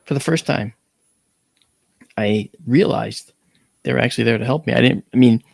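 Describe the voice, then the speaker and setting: Gravelly man telling a dramatic story. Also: moderate pace, no room sound. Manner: animated, swings up in pitch for exclamations; blunt, mild cursing. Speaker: guest.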